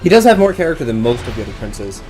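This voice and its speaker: A man in an easy middle pitch trades short, dry jokes while playing a game. He chimes in with quick quips and brief replies. Loud game music runs under him. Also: big pitch swings. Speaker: co-host of a gaming show.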